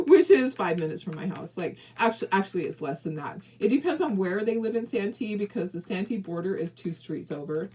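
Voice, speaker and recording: A woman's voice: medium pitch, expressive, fairly quick, warm tone, slightly rough, poor audio. A woman from southern California hosting a casual crafting livestream, chatty and encouraging, talking straight to viewers and laughing often. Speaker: craft video host.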